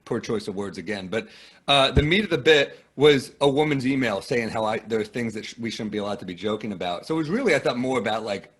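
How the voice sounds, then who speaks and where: A man's voice: medium pitch, quick pace, slightly rough. A man from the United States, a guest comedian, telling self-deprecating stories in casual conversation. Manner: self-deprecating, lively storytelling.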